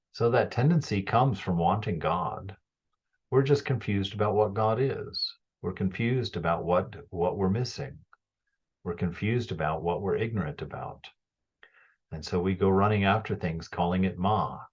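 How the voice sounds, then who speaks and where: A man teaching and commenting on a spiritual text to a small group, conversational and animated, acting out quotes and laughing often. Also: sits low, unhurried, slightly rough. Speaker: teacher reading and commenting on scripture. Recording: lo-fi dull recording.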